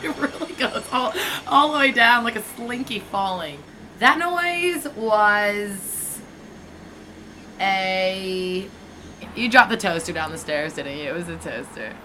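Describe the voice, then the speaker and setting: Bright-voiced teasing young woman. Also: mid-range voice, animated, takes it slowly, a little hiss or hum, low-quality recording. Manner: teasing, blunt, swears casually. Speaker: podcast co-host. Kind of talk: casual chat.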